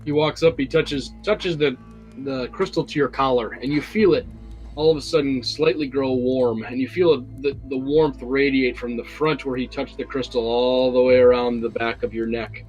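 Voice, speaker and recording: A man's voice: mid-range voice, steady tone, normal speed, darkish tone, dull audio, soft background music. A man narrating a tabletop game as game master, rambling and hesitant, with many fillers.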